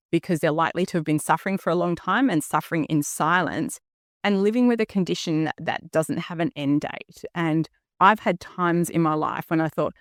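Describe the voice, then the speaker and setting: In a clean studio recording with no room sound, a woman in her fifties from Australia talks on her own solo podcast. She has a low voice and speaks earnestly and candidly, often saying um and checking in with "okay?"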